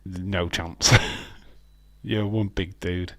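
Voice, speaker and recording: A man with a fairly low voice hosts a laid-back live stream. He chats loosely, laughs often and answers viewer comments. The sound is dry and close. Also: steady tone, drawn-out words, no echo. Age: adult with children. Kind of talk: casual live stream chat.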